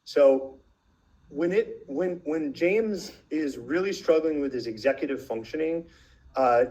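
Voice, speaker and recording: A man in his thirties leads a webinar for parents in a relaxed, conversational way. He tells animated stories, acts out quotes and often restarts his sentences mid-thought. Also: mid-range voice, rough recording. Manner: animated storytelling with acted quotes and many restarts. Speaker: webinar presenter and coach.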